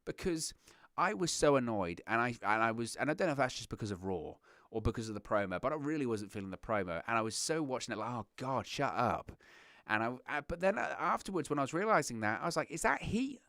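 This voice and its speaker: A young man hosting a wrestling reaction show, chatting casually with lots of restarts and animated asides. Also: mid-range voice, fast, dry recording, clean studio sound. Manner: rambling, animated, self-interrupting with restarts. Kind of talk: casual solo commentary.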